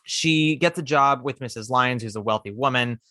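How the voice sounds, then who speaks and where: A man hosting a podcast, casually recounting a musical's plot with lively asides. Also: mid-range voice, moderate pace, dry recording, clean studio sound. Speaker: podcast host. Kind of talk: casual chat.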